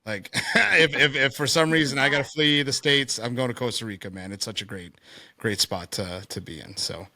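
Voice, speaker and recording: A man's voice: mid-range voice, normal speed, pushed and bright, no room sound, studio quality. A young man hosting a podcast in casual chat, laid-back and saying dude and man a lot. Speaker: podcast host.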